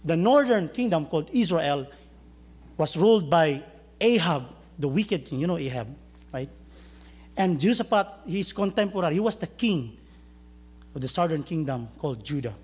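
A man's voice: a little high, lively intonation, normal speed, pauses often, a little mellow, breathy edge. A man preaching a sermon, telling a story and joking with his congregation. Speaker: pastor.

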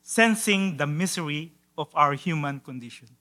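A man preaching a sermon, swinging from hushed, low passages to loud, drawn-out exclamations, with occasional stumbles and repeated words. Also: lively intonation. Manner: drawn-out emphatic quotations. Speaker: pastor.

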